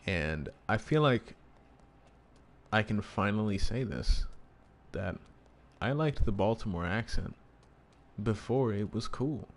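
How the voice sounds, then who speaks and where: A man's voice: on the low side, lively intonation, slow pace, long pauses. A man giving casual gameplay commentary, rambling and swearing with amusement at his own jokes. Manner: rambling, profane, self-amused. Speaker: gaming streamer. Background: game music.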